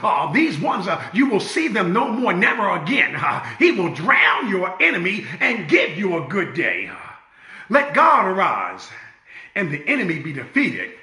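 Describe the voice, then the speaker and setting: A man preaching a sermon in a rhythmic style, full of "uh" fillers and repeated refrains, rising to shouts and sinking to quiet prayer. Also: reverberant. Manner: swings from shouted exhortation to quiet, low prayer.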